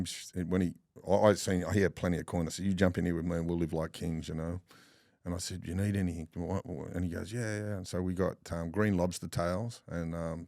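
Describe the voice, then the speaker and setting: Deep gravelly Australian man spinning yarns. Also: dry recording, clean studio sound. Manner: swears often, animated yarn-spinning with laughs. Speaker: podcast guest. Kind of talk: casual storytelling chat.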